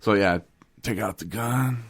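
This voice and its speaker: A man's voice: lowish voice, unhurried, slightly rough, dry recording. A man from Michigan co-hosting a podcast, joking and teasing, acting out little scenes and laughing often. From Michigan, USA. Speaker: podcast co-host. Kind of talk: joking casual chat.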